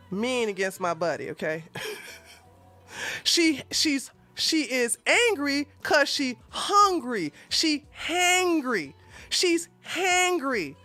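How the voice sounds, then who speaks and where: A woman giving sarcastic, profane reaction commentary, breaking into loud laughter and shouts. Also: high voice, no room sound.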